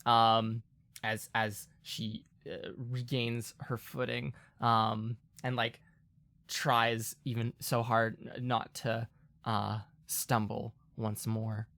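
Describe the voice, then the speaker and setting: Tabletop player, male, middle pitch, crisp and bright, talks in loose rambling bursts. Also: little pitch movement, slow, no echo, clean studio sound. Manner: rambling, lots of fillers and laughter. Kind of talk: casual role-play chat.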